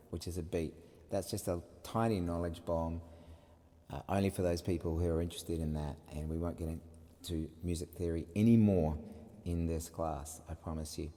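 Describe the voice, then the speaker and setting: Low-voiced man teaching rhythm, reverberant room. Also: mellow. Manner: chatty, explaining step by step, chanting rhymes. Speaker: music teacher. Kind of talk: online music lesson.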